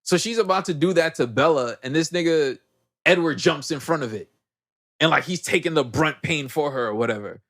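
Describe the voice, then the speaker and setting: A young male podcast host casually recaps a movie, acting out the characters and laughing along the way. His voice is fairly high, a bit bright, and fairly quick.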